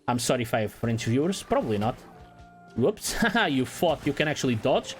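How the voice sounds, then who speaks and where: A man giving casual let's-play commentary in a relaxed, playful way, swearing now and then. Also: mid-range voice, fairly quick, faint music behind. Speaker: gaming channel host.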